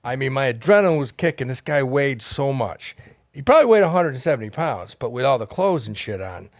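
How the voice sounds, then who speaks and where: A man telling a long story as a podcast guest, animated and profane, laughing as he goes. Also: medium pitch, a little fast, dry recording, clean studio sound. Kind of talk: casual storytelling. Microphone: studio mic.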